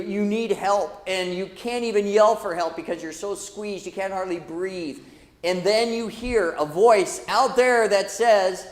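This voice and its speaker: High-voiced lively man leading a Bible class. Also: big-room sound. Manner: lively, dramatic, calls out to the class. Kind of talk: church Bible class teaching. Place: church hall.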